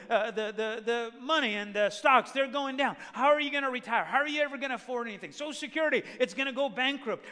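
A pastor preaches with a high, bright, forceful voice, driving his points home with rhetorical questions. His sermon rings with a long hall reverb. He sounds like a man addressing a large congregation.

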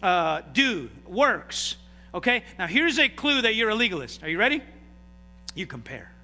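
High, bright-voiced preacher in an echoey hall. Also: male voice, very animated, normal speed. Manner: call-and-response preaching, dramatic swings in loudness. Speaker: pastor. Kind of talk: sermon.

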